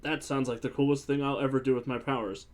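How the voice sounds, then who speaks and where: A man playing a tabletop game, excitable and playful, hamming it up. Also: mid-range voice, fast. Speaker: player. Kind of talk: casual tabletop play.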